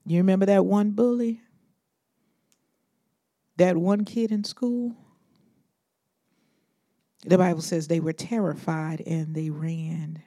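A woman preacher delivers a lively sermon in a low, warm voice. She acts out Bible figures in modern slang and drops to hushed asides between loud, emphatic bursts. The recording is close and dry. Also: slow pace, pauses often, no echo.

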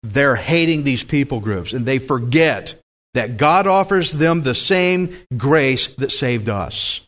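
A man's voice: mid-range voice, expressive, slow pace, fairly bright tone. A man preaching a sermon with emphatic delivery, putting questions to the congregation.

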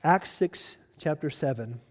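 A man's voice: fairly high pitch, animated, unhurried. A man preaching a sermon as pastor, emphatic and direct, who puts questions to the congregation.

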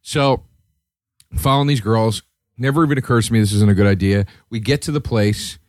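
A man hosting a podcast, telling a rambling, profane story in a casual chat and jumping to a high, excited voice at times. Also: brisk, no room sound, clean studio sound. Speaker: podcast host.

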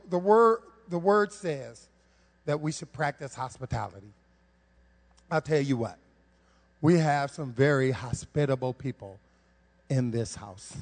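A man preaching a conversational sermon to his church, animated and humorous, full of rhetorical questions. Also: mid-range voice. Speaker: preacher on the worship team. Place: church sanctuary. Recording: long reverb of a church hall.

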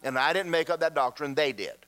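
Lively, bright-voiced preacher man. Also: on the high side, fairly quick. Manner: animated storytelling, acts out quoted voices. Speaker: pastor. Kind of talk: sermon.

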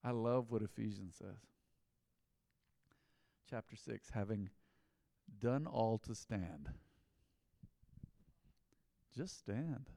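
A man preaching a mid-week sermon as pastor, talking in a conversational, animated way that swings from loud to quiet. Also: lowish voice, extremely slow, creaky, long pauses.

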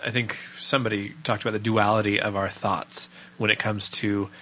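A man's voice: fairly low pitch, little pitch movement, moderate pace, bright, forceful tone, slight background noise, poor audio. A man hosting a podcast in casual chat, thoughtful at times and playful when he quotes others. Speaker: podcast host.

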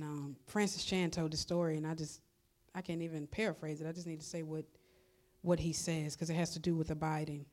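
A woman's voice: sits low, darkish tone. Woman preaching a conversational sermon. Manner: conversational preaching, repetitive exhortation, colloquial. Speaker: pastor.

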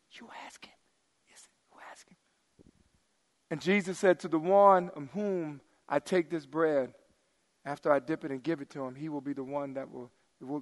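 High-voiced animated preacher in a hall. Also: male voice. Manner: animated, swings from loud emphasis to hushed asides. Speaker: pastor. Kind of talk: sermon. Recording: long hall reverb.

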